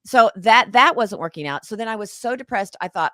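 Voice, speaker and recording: A woman, an actress and author, telling an emotional story as an interview guest in an animated, dramatic way. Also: on the high side, a little fast, no echo. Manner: animated, dramatic, acts out past conversations.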